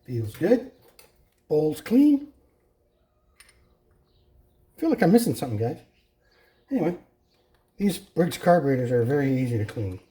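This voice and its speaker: A man's voice: fairly high pitch, very animated, measured pace, long pauses, warm tone. A man chatting casually to viewers while he works on a mower in his repair shop, correcting himself as he goes. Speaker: host fixing a lawn mower. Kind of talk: casual workshop vlog narration.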